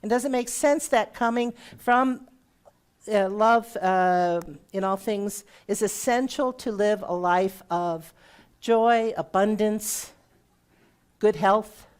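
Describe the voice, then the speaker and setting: A woman's voice: mid-range voice, slow, smooth. A middle-aged woman giving a conversational sermon as a guest minister, asking the congregation questions as she goes. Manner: warm conversational preaching with audience questions.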